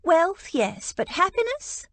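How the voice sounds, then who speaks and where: A woman's voice: extremely high pitch, big pitch swings, slow, no room sound, pitched above the performer's own voice, exaggerated voice. Woman doing a placid, chatty old aunt. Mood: gentle. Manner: gentle, chatty. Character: placid cheerful elderly spinster aunt.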